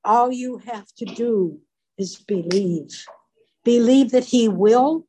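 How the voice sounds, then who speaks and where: Slow, mellow woman giving a sermon. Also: fairly high pitch, husky, poor audio. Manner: earnest, slow and deliberate, acts out quoted voices briefly. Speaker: Bible teacher. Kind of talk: sermon with retold Bible stories.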